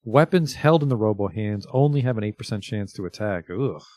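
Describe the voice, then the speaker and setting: A man's voice: on the low side, animated, a little fast, warm tone, no echo. A man streaming a video game, chatting casually, reading item descriptions aloud and swearing now and then. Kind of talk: casual livestream commentary.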